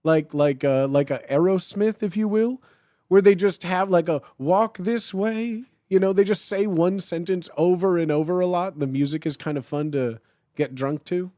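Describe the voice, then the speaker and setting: A young man with a hoarse, gravelly, blown-out voice, chatting playfully and rambling with his live-stream audience. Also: a little high, moderate pace, dark tone, no echo, clean studio sound. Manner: playful, greets chat over and over, rambling. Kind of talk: casual live-stream chat, reading chat aloud.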